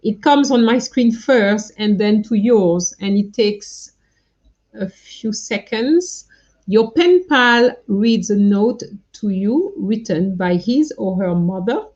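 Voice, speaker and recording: Slow, patient woman teaching French. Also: medium pitch, expressive, darkish tone, muffled recording. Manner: patient, corrects students one by one. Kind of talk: live online lesson.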